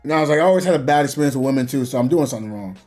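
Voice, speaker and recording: Animated young man telling gaming stories. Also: medium pitch, very fast, faint music behind. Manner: animated storytelling, laughs often, slangy. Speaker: gaming streamer. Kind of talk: casual chat.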